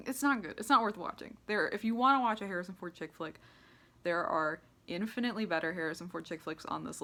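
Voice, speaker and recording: A young woman from the United States, working as a movie reviewer, ranks movies with casual, sarcastic commentary. She laughs often and scatters "like" throughout her talk, and her voice is fairly low in pitch with a slightly bright quality.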